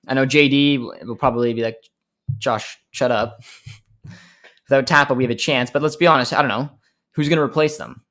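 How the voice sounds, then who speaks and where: A man's voice: medium pitch, fairly even intonation, brisk, fairly bright tone. A young man from Canada hosting a casual live stream, reading viewer comments aloud and answering them with frequent laughs. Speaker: host.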